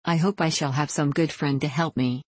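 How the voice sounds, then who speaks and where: A woman reading an audiobook voices an earnest, dull young gentleman who repeats himself. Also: sits low, fairly even intonation, normal speed, husky, no echo. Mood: eager. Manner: earnest and repetitive. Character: dull, eager young gentleman, easily impressed.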